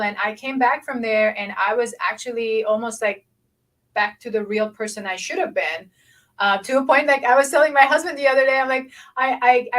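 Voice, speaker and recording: A woman originally from Lebanon hosts a podcast interview, her voice sitting a little high. She talks in a loose, personal, chatty way, with plenty of "like" and "you know". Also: fairly bright tone, low-quality recording. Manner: chatty and personal, many fillers. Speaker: podcast host. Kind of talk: conversational interview.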